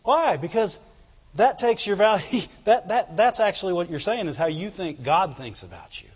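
Fervent preacher in an echoing hall. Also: male voice, a little high, husky. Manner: fervent preaching, asks the congregation "Amen?". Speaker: pastor. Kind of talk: sermon. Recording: reverberant hall, dull lo-fi sound.

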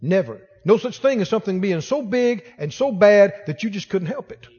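High-voiced, exhorting preacher. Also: male voice, expressive, fairly quick, breathy edge, big-room sound, lo-fi sound. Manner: exhorting, calls for congregation response, rising to shouts. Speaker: pastor. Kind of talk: sermon.

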